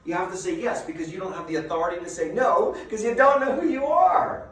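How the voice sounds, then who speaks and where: A man giving a motivational seminar as a business coach, a lively storyteller who asks his listeners rhetorical questions. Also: high voice, brisk. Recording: very echoey room, mic far off, faint noise.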